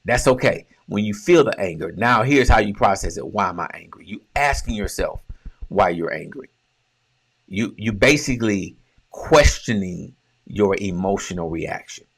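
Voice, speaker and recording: A man with a low, deep voice delivers a relationship coaching talk. He speaks emphatically and conversationally, posing questions and answering them himself like a teacher. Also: animated, normal speed, husky. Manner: conversational, with colloquial phrasing.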